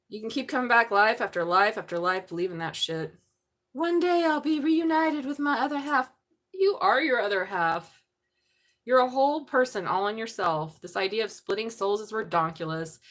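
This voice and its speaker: A woman's voice: medium pitch, a bit bright. A middle-aged woman giving a live-stream tarot reading, blunt and profane, joking and laughing often. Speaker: tarot reader.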